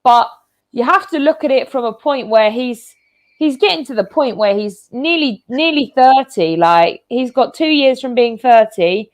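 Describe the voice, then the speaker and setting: A woman's voice: fairly high pitch, expressive, unhurried. A woman hosting a casual online football chat from home over a video call, rambling with lots of fillers and restarts. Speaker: show host.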